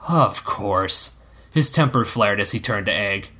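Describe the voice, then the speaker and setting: A man narrating a story aloud in a steady reading voice. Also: lowish voice, normal speed. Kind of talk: fan fiction read-aloud.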